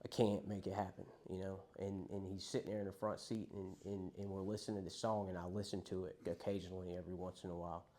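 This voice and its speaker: A man's voice: low-pitched, flat delivery, fast talker, few pauses, warm tone. A young man candidly telling his story of addiction and loss to a recovery group, speaking in a conversational, profane way.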